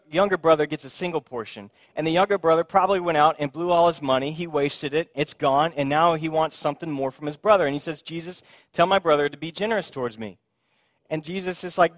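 A man's voice: a little high, no echo, clean studio sound. A male pastor giving a conversational sermon with playful asides. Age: young adult or middle-aged.

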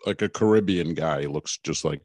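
Blunt, swearing comedy podcast host. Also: male voice, very deep voice, normal speed, darkish tone, dry recording. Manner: blunt storyteller, swears, laughs at himself. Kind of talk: casual comedy banter.

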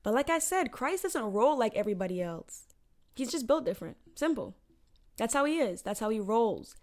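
A woman's voice: a little high, very animated, normal speed, a little mellow. A young woman casually retelling a Bible story to her viewers, chatty and slangy with lots of "like" and "you know".

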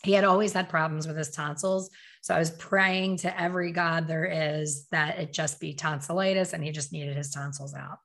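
A middle-aged woman telling a personal story in a candid, emotional way, with quick asides and self-corrections. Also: low voice, fairly even intonation, a bit bright. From Philadelphia.

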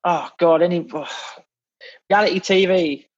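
A man's voice: high-pitched, steady tone, measured pace, muffled recording. A man from England, a podcast guest in casual chat, blunt and swearing, with many restarts as he grumbles.

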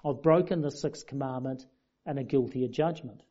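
A man's voice: medium pitch, moderate pace, dark tone. A man preaching a sermon in a conversational, self-deprecating way. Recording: dull lo-fi sound.

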